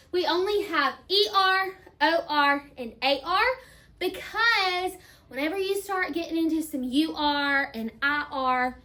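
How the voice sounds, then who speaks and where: Woman, teacher, spelling lesson, high-pitched, bright, emphatic, sounds words out slowly. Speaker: elementary school teacher.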